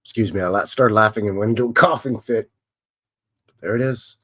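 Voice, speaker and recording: A man's voice: lowish voice, fairly quick, bright, forceful tone. A man hosting a live stream, musing and chatting as he thinks aloud over old photographs.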